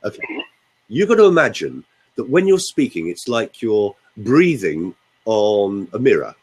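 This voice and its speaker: Animated older voice coach. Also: male voice, fairly low pitch, a little slow, slightly rough, rough recording. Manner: theatrical, explanatory, demonstrates with his own voice. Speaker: voice coach guest. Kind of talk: radio studio voice coaching demonstration.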